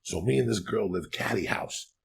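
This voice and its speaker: Gravelly, profane man telling stories. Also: on the low side, normal speed, a little hiss or hum. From Cuba. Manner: profane, rambling, animated. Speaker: podcast host. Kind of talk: crude comic storytelling.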